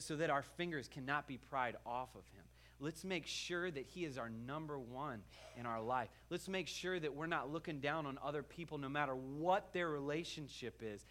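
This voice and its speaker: Male pastor, sermon, fervent, animated storyteller, mid-pitched voice.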